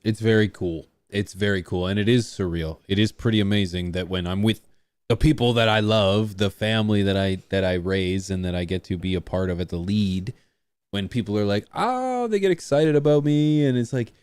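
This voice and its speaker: Guy streamer, lowish voice, dry close sound, rambly and jokey. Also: steady tone, fairly quick, clean tone, no room sound. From small rural town. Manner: rambling, self-deprecating, jokey. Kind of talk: casual livestream chat.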